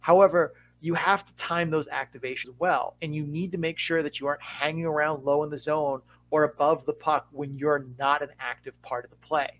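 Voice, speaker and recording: A man talks through hockey tactics as a podcast co-host, in a slightly higher voice than most men. He explains at an even, measured pace and slows down to stress key points. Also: low-quality recording. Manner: measured, explanatory, with deliberate pauses for emphasis. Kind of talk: casual podcast analysis.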